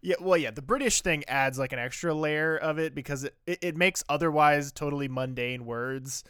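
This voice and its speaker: Smooth, dry-sounding male podcast host. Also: a little high, moderate pace, fairly bright tone, no room sound. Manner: chatty, filler-heavy recapping. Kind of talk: casual chat, recapping episodes.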